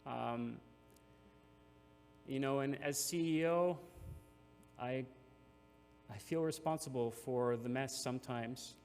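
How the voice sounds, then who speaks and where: A man's voice: mid-range voice, slow pace, vocal fry, long pauses, a little mellow. A man, a nonprofit CEO, giving an earnest, emotional conference speech with frequent restarts. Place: large hall. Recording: reverberant hall with faint hum.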